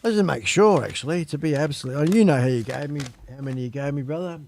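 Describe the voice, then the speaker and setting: A man's voice: on the high side, fast, creaky, a little mellow, a little hiss or hum. A man hosting a live stream, chatting casually and rambling with lots of ums and uhs. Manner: easygoing, swears casually.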